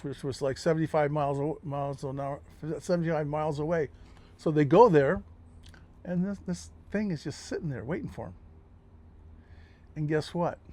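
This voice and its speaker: An older man, a podcast guest telling a firsthand story in a lively way, acting out what people said. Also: a little high. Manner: animated, acts out quoted dialogue.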